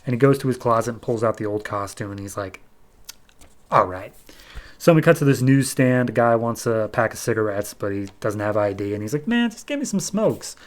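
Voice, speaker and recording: Fast, with hardly any pauses, this podcast host runs through a comic issue in a lowish, steady voice. He tells it loosely and conversationally, often saying "he's like."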